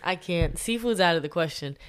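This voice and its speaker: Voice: mid-range voice, animated, a little fast, fairly bright tone, clear, resonant tone. A young adult co-hosting a podcast, teasing and giggling in casual chat. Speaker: podcast co-host.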